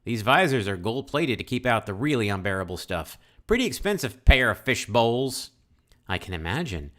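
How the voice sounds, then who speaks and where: A man's voice: medium pitch, big pitch swings, a bit bright, pitched above the performer's own voice. A man voicing a laid-back male astronaut with a put-on American Southern drawl. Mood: amused. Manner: drawled, slowed-down delivery.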